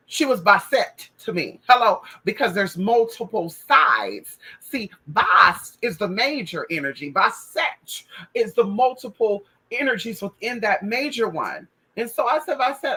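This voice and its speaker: Sassy woman, bright husky voice, casual profane spiritual storytelling. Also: mid-range voice, normal speed, poor audio. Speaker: spiritual practitioner.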